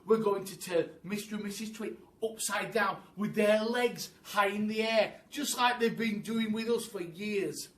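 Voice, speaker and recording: A man's voice: sits high, a little slow, hardly any pauses, voice pushed up. A man doing a determined father monkey. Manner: calming, determined. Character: calm, clever father monkey, Mugglewump. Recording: echoey room, mic at a distance.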